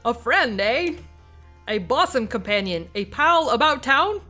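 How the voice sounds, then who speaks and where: Woman doing a nerdy alien aviator boy, grandiose old-radio announcer delivery, bright tone. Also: a little high, big pitch swings, unhurried, faint music behind, exaggerated voice. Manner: old-timey radio announcer voice, flowery and theatrical.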